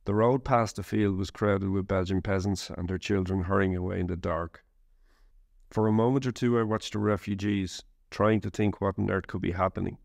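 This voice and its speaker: Low gravelly man reading a memoir. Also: no echo, studio quality. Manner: measured, steady reading. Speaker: narrator. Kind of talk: scripted first-person memoir reading.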